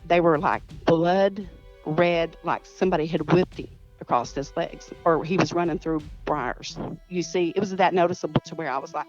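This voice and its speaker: A woman's voice: on the low side, moderate pace, a little mellow, faint music behind. Rambling woman, lo-fi sound. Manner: rambling, restarts, acts out quoted dialogue. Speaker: guest, cousin of the missing woman. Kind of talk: casual storytelling interview.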